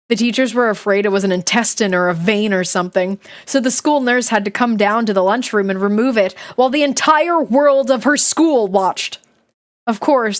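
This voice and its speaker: Giggly woman reading aloud to chat. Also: a little high. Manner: giggly, chatty asides to chat. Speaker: streamer reading a book aloud. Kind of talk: casual live-stream read-aloud.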